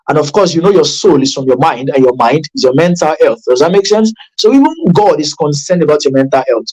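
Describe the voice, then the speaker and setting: A man's voice: expressive, quick pace, hardly any pauses, low-quality recording. A man coaching addiction recovery in a motivational online class. He talks emphatically and repeats himself, often restarting sentences and checking in with listeners. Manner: emphatic and repetitive, with sharp pitch jumps for stress; conversational, with frequent restarts and check-ins.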